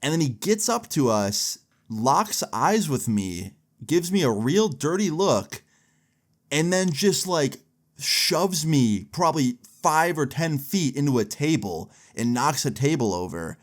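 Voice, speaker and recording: A young man casually telling a story, animated and swearing often, with lots of "like". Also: a little high, a little slow. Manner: animated, swears a lot, frequent "like".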